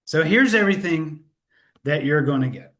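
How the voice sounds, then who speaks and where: A man's voice: a little high, animated, moderate pace, a bit bright. A man hosting a live sales webinar, upbeat and chatty, correcting himself and laughing at his own slip-ups, speaking into a computer mic. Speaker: webinar host.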